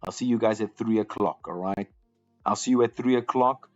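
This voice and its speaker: Low-voiced man talking trades live. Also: normal speed, a little mellow. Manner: conversational, repeats words and restarts often. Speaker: trading room host. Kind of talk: live trading commentary. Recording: slightly dull lo-fi audio with faint music.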